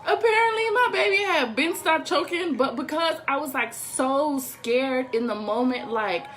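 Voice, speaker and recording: A young woman telling a story to her viewers in a casual, animated, profane way with laughing asides. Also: high-pitched, measured pace, faint music behind. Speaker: storytime vlogger.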